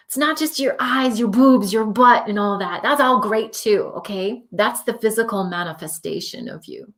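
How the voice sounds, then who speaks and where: A woman's voice: medium pitch, normal speed, few pauses, a bit bright. She's a woman doing a live tarot reading, gushing and emotional, pours out encouragement, voice sits right in the middle, mic feels like a webcam or phone. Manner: effusive, emotional, affirming. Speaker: spiritual tarot reader.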